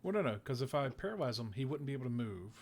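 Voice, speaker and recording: A man's voice: mid-range voice, big pitch swings, quick pace, a little hiss or hum. A man playing in a tabletop game, working through the rules aloud and planning his character's moves. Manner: methodical, checks rules out loud. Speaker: player.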